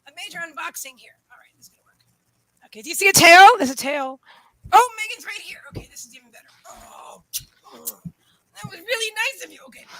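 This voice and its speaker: A woman hosting a casual livestream from a room in her home, gushing and excitable as she talks to her dogs. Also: extremely high pitch, dry recording. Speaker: host of a live psychic reading stream. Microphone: camera setup lit by a ring light.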